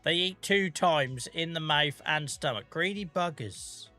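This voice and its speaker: A man's voice: on the high side, a little slow, sharp tone, faint music behind. A British man chatting casually on a live gaming stream, joking, teasing his chat and swearing freely. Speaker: game streamer.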